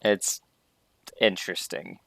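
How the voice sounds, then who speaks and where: A man's voice: sits low, steady tone, slow, vocal fry, a bit bright, no room sound. A man musing offhandedly as he comments on a game he is playing. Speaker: let's play host. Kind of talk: casual gameplay commentary.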